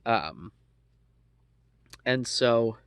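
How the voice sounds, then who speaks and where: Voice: medium pitch, expressive, drawn-out words, smooth, dry recording. An adult in their thirties casually telling a personal story, rambling with lots of ums and asides and swearing freely.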